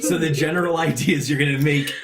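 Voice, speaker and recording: A man's voice: a little high, fast, gravelly, crowd noise. A man acting as game master, laughing often and pulling the table back on track. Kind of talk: casual tabletop game chat.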